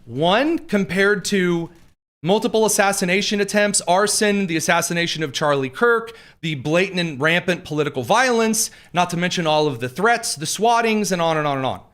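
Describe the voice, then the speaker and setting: A man's voice: high-pitched, normal speed, a bit bright. A man from East Central Indiana, hosting political commentary in a sarcastic, mocking way. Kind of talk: opinion commentary.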